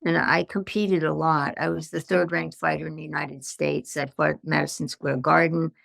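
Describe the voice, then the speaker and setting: An older woman, a guest on a podcast interview, telling her life story in lively anecdotes and acting out the lines of the people in them. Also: sits low, normal speed, gravelly, no echo, clean studio sound. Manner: animated anecdotes with acted-out quotes. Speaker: guest, stress management consultant.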